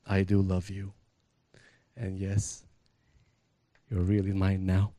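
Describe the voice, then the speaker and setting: A man, the groom, reading his wedding vows in an earnest, measured way. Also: low-pitched, monotone, mellow. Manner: earnest, measured vow delivery.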